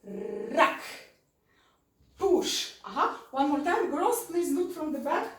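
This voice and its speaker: High-voiced woman teaching dance, far off. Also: lively intonation, moderate pace. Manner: counts beats aloud and repeats cues. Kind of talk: online dance lesson. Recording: roomy sound from far off.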